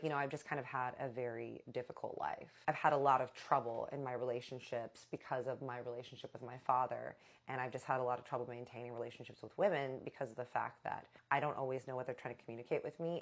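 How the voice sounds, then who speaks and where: A young woman telling a casual storytime to her viewers, chatty and animated, calling them y'all. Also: extremely low pitch, quick pace, hardly any pauses. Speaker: storytime vlogger.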